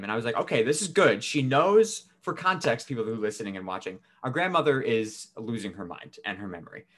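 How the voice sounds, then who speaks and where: A man's voice: mid-range voice, animated, moderate pace, a bit bright. A young man co-hosting a podcast, telling a family story in a casual, swearing, laughing way. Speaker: podcast co-host.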